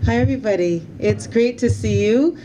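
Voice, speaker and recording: A Canadian-born woman, a member of parliament, gives a heartfelt thank-you speech to volunteers at an event, a little emotional and repeating her thanks. Her voice is fairly high and her pace normal, with a noisy background.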